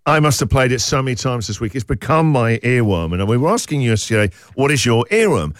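A male radio host in casual chat, reading listener texts aloud in an animated, self-mocking way. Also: mid-range voice, fast talker, over music. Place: radio studio. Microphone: studio microphone.

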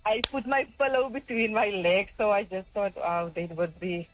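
A woman's voice: medium pitch, moderate pace, husky, no echo, phone-quality sound, soft background music. A woman calling in to a radio show, shy and hesitant with lots of ums. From South Africa. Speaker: caller. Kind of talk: radio call-in chat.

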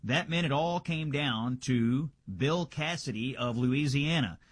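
Husky-voiced male radio host, dry studio. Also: medium pitch, a little slow, dry recording. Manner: conversational, checking the Senate floor live with filler uhs. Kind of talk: political news rundown.

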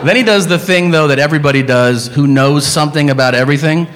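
A man's voice: on the high side, quick pace, in a large hall, background noise. A male stand-up comedian ranting in an incredulous, profane way.

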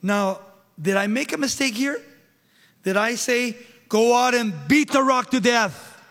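A man's voice: sits high, measured pace, fairly bright tone, in a large hall. A male preacher voicing God in a sermon retelling, firm and reasoning as he corrects a servant. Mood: reproving. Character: stern but patient male God, correcting.

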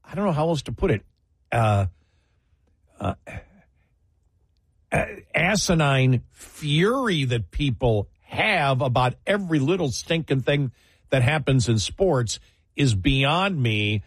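A man's voice: medium pitch, big pitch swings, slow pace, long pauses, breathy edge, no room sound. A man hosting late-night talk radio in a casual, rambling way, with restarts and chuckling asides. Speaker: radio talk show host.

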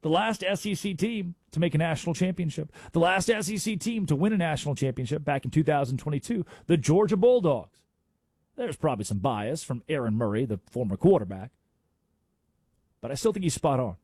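Emphatic, husky sports radio host. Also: male voice, fairly high pitch, expressive, a little fast, darkish tone, no room sound, clean studio sound. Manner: emphatic, rhetorical, theatrical. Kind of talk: opinionated sports talk radio. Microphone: studio microphone.

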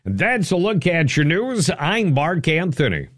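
Male radio news anchor, even delivery, dry studio sound. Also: fairly high pitch, measured pace, no echo. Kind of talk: local radio newscast and morning banter. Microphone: close studio mic.

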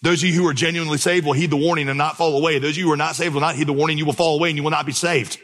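A pastor preaches from the stage, his voice a touch higher than most men's. He drives points home by repeating words and spins lively, humorous stories. The sound trails off in the long reverb of a large hall. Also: very fast. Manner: storytelling with vivid, humorous asides; emphatic repetition. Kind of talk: preached sermon. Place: church stage before a congregation.

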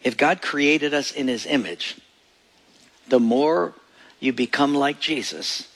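A man's voice: mid-range voice, slow, pauses often, fairly bright tone. A man preaching a sermon as pastor, telling stories and acting out little scenes. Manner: storytelling preacher who acts out voices and jokes.

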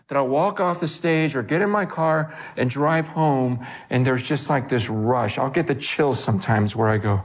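A man preaching a sermon from a stage, emphatic and animated, quoting scripture and acting out voices. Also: moderate pace, hardly any pauses. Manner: animated, emphatic preaching with big pitch swings. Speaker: pastor.

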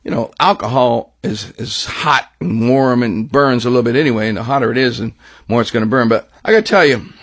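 A man hosting a radio countdown show, telling a loose, rambling story with many restarts in a husky voice. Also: mid-range voice, fairly quick, fairly bright tone. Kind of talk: casual radio show talk.

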